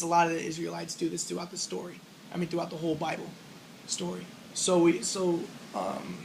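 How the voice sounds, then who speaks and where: A man's voice: high voice, gravelly, slight background noise, low-quality recording. A man giving a casual spoken lecture on religion, rambling as he explains and acting out the lines he quotes.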